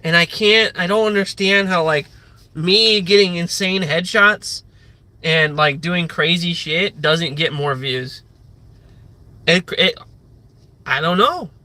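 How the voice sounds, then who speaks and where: A man with a high voice talks on a casual live stream, rambling loosely and swearing freely. His tone is bright and forceful, and his sentences are heavy with "like." It sounds like unscripted, off-the-cuff chat. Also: takes it slowly, long pauses, dry recording. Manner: rambling and profane, heavy use of "like".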